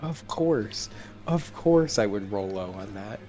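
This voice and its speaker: A man's voice: fairly low pitch, animated, slow, warm tone, soft background music. A man playing a tabletop game, joking around in a playful way. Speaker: player.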